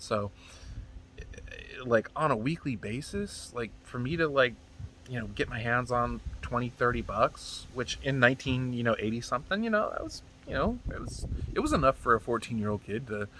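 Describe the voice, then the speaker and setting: Bright-voiced man rambling through a story. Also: mid-range voice, moderate pace, a little hiss or hum. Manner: rambling, profane, animated retelling. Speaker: comedian telling stories. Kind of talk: casual storytelling monologue.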